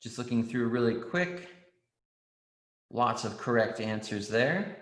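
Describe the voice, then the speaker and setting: A man's voice: medium pitch, lively intonation, slow, a bit bright. Guy teaching kids writing online, lots of ums, cheering them on, kinda echoey. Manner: encouraging, reads out student answers, frequent ums. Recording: roomy echo.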